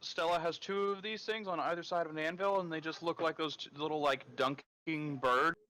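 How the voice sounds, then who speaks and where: A man's voice: fairly high pitch, fairly even intonation, brisk, sharp tone, poor audio. A man who is a player in a tabletop game, chatting casually and explaining things patiently.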